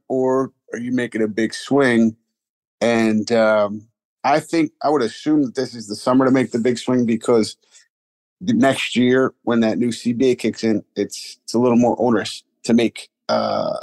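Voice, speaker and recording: A man's voice: mid-range voice, darkish tone, dry recording, poor audio. A man reporting on basketball over a remote call, hedging and thinking aloud. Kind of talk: casual basketball chat.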